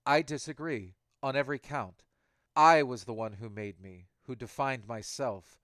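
A man voicing a calm, dignified female artificial intelligence who defends herself in a measured way. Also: mid-range voice, no echo, clean studio sound, lightly acted. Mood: defiant. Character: female AI, calm, defiant, self-made.

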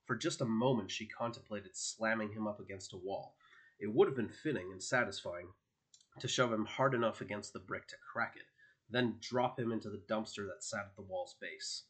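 A man narrating an audiobook in a steady, expressive storytelling manner. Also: lowish voice, normal speed.

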